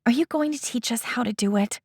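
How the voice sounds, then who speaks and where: A woman's voice: very animated, a little slow, no echo, clean studio sound. A woman doing an exasperated young trainee. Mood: frustrated, pleading. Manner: heated, exasperated, higher and louder. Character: impatient, frustrated young female trainee.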